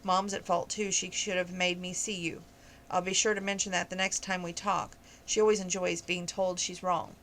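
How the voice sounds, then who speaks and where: A woman's voice: fairly low pitch, little pitch movement, normal speed, a bit bright, slight background noise, low-quality recording. A woman reading the lines of an earnest grown woman talking with her stepfather, in a plain read-aloud voice.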